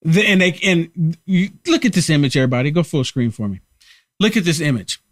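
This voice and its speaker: A man's voice: a little high, expressive, fairly quick, dry recording, studio quality. A man hosting a live political commentary stream, talking emphatically and repeating himself to rally viewers. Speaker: host of a political livestream.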